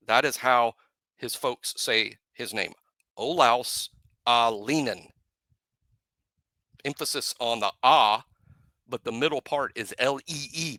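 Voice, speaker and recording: A man co-hosting a casual sports podcast, playful and self-mocking, slowly spelling out names. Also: medium pitch, pushed and bright, no echo. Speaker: podcast co-host.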